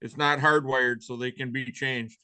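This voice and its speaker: Man, matter-of-fact explainer, bright dry voice. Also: mid-range voice, fairly even intonation, moderate pace, clean tone, no room sound. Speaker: meeting participant. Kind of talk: casual technical explanation.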